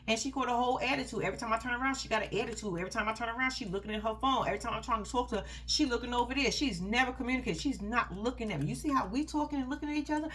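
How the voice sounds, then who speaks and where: A woman recaps a reality TV episode in a casual, heated commentary, with a voice that sits a bit on the high side. She is blunt and opinionated and swears freely as she calls out the people on the show. She speaks directly to her viewers as if they are chatting together. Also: racing, few pauses, a bit bright, a little hiss or hum. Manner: addresses viewers directly as "y'all".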